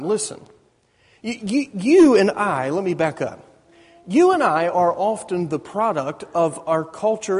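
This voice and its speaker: A man's voice: sits high, husky. A man preaching a sermon in a conversational way, often asking his listeners questions and restarting his sentences. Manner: conversational, asks the audience questions, frequent restarts. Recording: reverberant hall.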